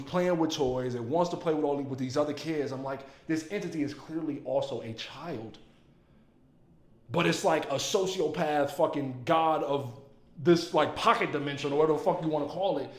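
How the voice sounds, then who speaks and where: A man giving casual, emphatic movie commentary, excitable and full of profanity. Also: on the high side. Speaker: movie reviewer. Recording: roomy echo.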